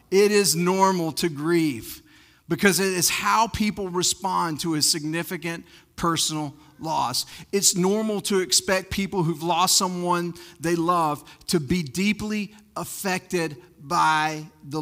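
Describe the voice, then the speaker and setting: A man preaching a sermon to his church as pastor, impassioned and building up to near-shouts. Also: sits high, big-room sound.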